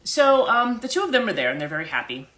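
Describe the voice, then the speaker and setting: A woman's voice: on the high side, very animated, fast talker, a bit bright. A woman who works as a life coach, retelling a story in a rambling, casual livestream chat with many restarts and self-corrections.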